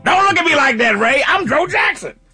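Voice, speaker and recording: A man doing an over-the-top impression of a gruff, bossy older man who blusters and threatens. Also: very high voice, expressive, a little fast, faint music behind, voice pushed up, heavily acted. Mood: blustery. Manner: shouting, threatening.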